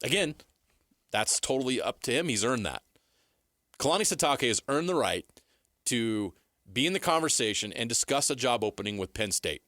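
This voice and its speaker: A man's voice: mid-range voice, animated, moderate pace, pushed and bright, dry recording, studio quality. A man co-hosting a sports radio show, arguing his point and pressing harder as he goes. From United States. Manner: argumentative, rising and pressing as he makes his case. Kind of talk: opinionated sports talk.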